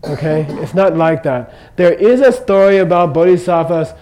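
A man's voice: high-pitched, lively intonation, moderate pace, dark tone, a little hiss or hum, poor audio. Older man teaching casually, often asking "okay?". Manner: chatty, joking, checks in with "okay?" constantly. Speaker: Buddhist teacher. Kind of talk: informal dharma teaching. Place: teaching room in Kathmandu.

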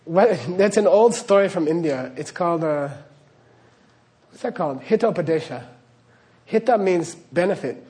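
A man's voice: high voice, lively intonation, normal speed, pauses often, dark tone. A man giving an earnest spiritual talk to an audience, often checking in with "okay?" and laughing as he tells stories. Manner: earnest, repeats "okay?", laughs while storytelling. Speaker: spiritual teacher.

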